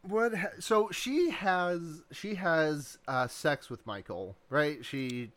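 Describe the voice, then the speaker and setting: A podcast guest talking casually about a film in a wry, halting way, often restarting words. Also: medium pitch, fairly bright tone.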